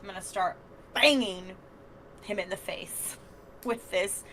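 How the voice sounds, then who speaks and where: Slow, bright-voiced woman playing a game. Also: mid-range voice, slight background noise. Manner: unhurried, giggly, thinking aloud. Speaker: player. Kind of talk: casual tabletop role-play.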